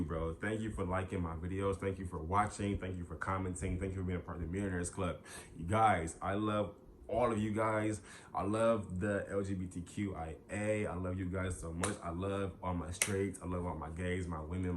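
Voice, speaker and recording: A young man, chatting on his vlog in an animated, profane, ranting way. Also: low-pitched, moderate pace, noisy background. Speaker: YouTuber. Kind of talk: casual vlog talk.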